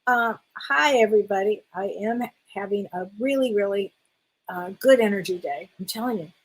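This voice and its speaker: Reading out viewers' comments on a casual live stream, this middle-aged spiritual medium calls everyone honey in a warm, loving way. Her mid-range voice is slightly rough and moves at a normal pace, captured on a rough recording.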